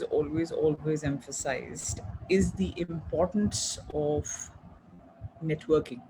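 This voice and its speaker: A middle-aged woman, giving a guest talk on a video call in a halting, earnest way with many fillers and restarts. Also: lowish voice, background noise. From India. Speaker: guest speaker, entrepreneur. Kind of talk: webinar talk.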